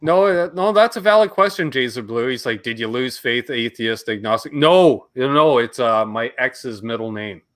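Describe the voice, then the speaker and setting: A man's voice: medium pitch, expressive, normal speed, few pauses, fairly bright tone. A middle-aged Canadian man co-hosting a live guitar stream, chatting casually and reading out viewer names.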